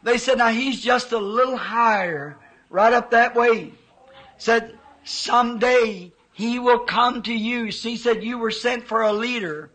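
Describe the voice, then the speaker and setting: A preacher, male, pours emotion into a fervent sermon, his voice very high and bright. He speaks unhurriedly, prolonging his testimony and dramatizing the voices from his vision, all on a rough recording.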